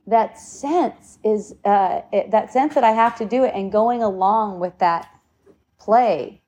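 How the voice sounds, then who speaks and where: A woman's voice: medium pitch, takes it slowly, dark tone, lo-fi sound. A woman giving earnest spiritual advice in casual talk, swearing now and then.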